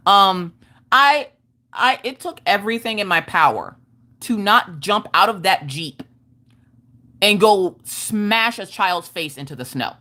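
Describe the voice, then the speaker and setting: Blunt, bright-voiced woman telling a story. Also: medium pitch, unhurried. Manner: animated, blunt, swears freely. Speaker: livestream host. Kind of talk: casual storytelling to viewers.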